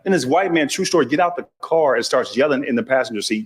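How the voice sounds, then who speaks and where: A man's voice: medium pitch, expressive, fast talker, few pauses, slightly rough. A man from Texas with a Texas accent, telling a stand-up comedy story and acting out the voices of other people.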